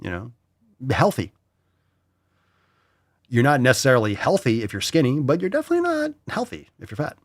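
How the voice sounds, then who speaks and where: Blunt, animated male podcast host. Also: medium pitch, a little fast, pauses often, dry recording, clean studio sound. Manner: blunt, profane, mocking voices for emphasis. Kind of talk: casual opinionated chat.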